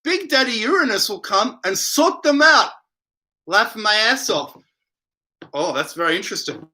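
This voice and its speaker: A man's voice: high-pitched, big pitch swings, moderate pace, bright, forceful tone. A man hosting a casual late-night livestream from home, reading viewer comments aloud and rambling in reply. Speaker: livestream host reading chat.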